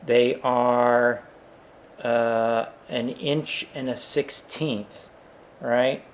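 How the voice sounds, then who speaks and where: A man's voice: medium pitch, steady tone, drawn-out words, slight background noise. A man teaching a worked engineering example, thinking aloud with frequent fillers and asides. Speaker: engineering instructor.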